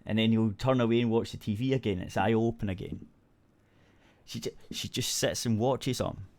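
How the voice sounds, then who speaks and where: A man's voice: lowish voice, fairly quick, a little mellow. A Scottish man hosting a radio show, rambling through a story in casual chat and swearing freely.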